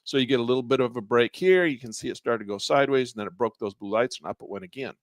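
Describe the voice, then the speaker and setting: Man, trading instructor, live online class, step-by-step explanation, losing his voice, frequent throat clearing, mid-range pitch. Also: fast talker, no echo. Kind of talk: live online class walking through charting software.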